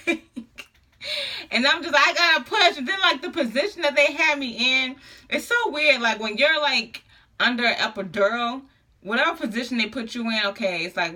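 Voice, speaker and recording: Bright-voiced woman telling a story, laughing. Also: fairly high pitch. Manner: animated, laughing, slangy casual talk. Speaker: vlogger. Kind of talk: casual storytelling to camera.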